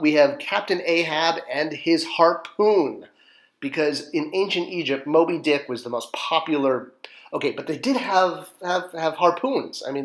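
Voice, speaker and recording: A man hosting an online drawing lesson, talking through each stroke with playful, self-mocking jokes. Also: mid-range voice. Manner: playful, self-mocking asides while sketching step by step. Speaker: drawing teacher.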